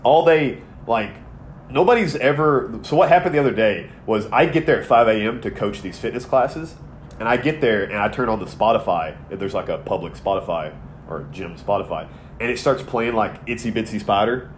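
A man's voice: fairly low pitch, lively intonation, moderate pace, slight background noise. A man in his thirties co-hosting a podcast, telling a long, rambling, profane story in casual chat. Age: 30s. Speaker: podcast co-host.

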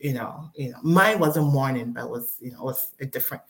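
A woman as a guest storyteller giving a personal faith testimony, animated and acting out dialogue with many fillers. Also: very deep voice, a little fast.

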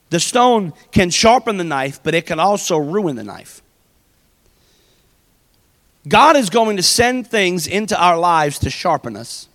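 A man's voice: sits high, fairly bright tone, big-room sound. A man, preaching a sermon in a conversational way, full of personal stories. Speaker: pastor.

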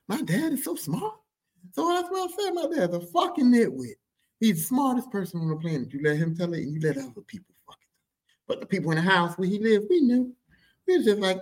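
A man hosting a podcast, telling a profane, animated story in a casual monologue and slipping into other people's voices. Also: fairly high pitch, a little fast, poor audio. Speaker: podcast host.

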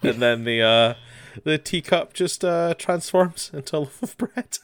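A man's voice: a little high, a little slow, smooth, no room sound. A man in casual chat, laughing often and chiming in as he retells a show. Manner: lively, laughs often, chimes in with agreement.

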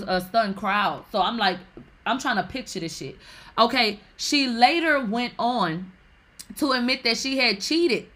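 A woman hosts a gossip show in loose, casual chat. Her voice is bright and forward, and she talks in an animated, salty way, full of sassy asides. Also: a little high.

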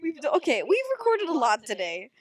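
A woman's voice: high voice, wildly swooping pitch, fairly quick, no echo. Giggly, rambling young woman co-host. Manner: laughing, teasing and rambling. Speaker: podcast co-host. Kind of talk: casual chat, retelling a show. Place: small room, on a bed.

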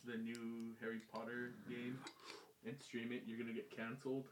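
A man's voice: mid-range voice, monotone, normal speed. A man co-hosting a casual podcast chat who speaks in brief, amused asides. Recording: echoey room with background noise.

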